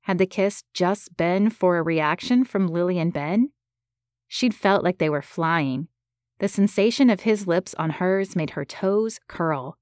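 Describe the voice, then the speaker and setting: A woman giving scripted narration of a romance audiobook in a measured, gentle way. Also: fairly low pitch, no echo, clean studio sound.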